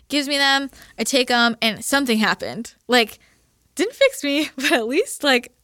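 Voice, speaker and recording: Animated young woman, dry close sound. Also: on the high side, moderate pace, no room sound. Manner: animated storytelling, swears freely, acts out her own quotes. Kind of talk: casual podcast chat.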